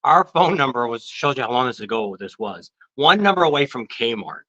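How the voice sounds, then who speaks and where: A man in his sixties, co-hosting a casual livestream chat as a lively storyteller who acts out other people's lines. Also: mid-range voice, moderate pace, muffled recording. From California. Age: 60s. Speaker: co-host.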